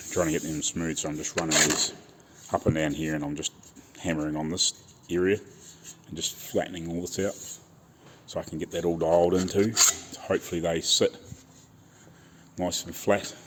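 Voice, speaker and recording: A man's voice: low-pitched, normal speed, noisy background. A man, easygoing, explaining his body work as he does it in his home garage. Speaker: car restorer. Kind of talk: casual workshop commentary.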